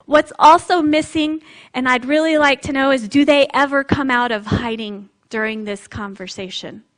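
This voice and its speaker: A woman preaching a sermon with a high voice. She talks in a relaxed, conversational and reflective way, with a light laugh now and then.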